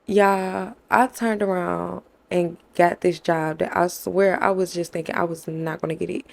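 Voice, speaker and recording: Speaking conversationally to her audience as "y'all," a young faith vlogger shares a candid personal story and performs the lines others said to her. She has a lowish, steady, slightly mellow voice with vocal fry, and she takes her time.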